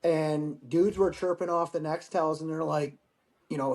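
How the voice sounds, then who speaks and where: Middle-aged man, fairly high voice, profane storyteller on a remote call. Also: moderate pace, darkish tone. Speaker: guest, Marine veteran. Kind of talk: casual storytelling interview.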